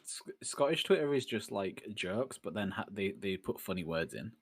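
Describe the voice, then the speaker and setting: A man's voice: fairly low pitch, lively intonation, moderate pace, breathy edge. A man from the United Kingdom chatting on a podcast, filling his talk with "like" and laughing often. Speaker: podcast co-host. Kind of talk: casual chat.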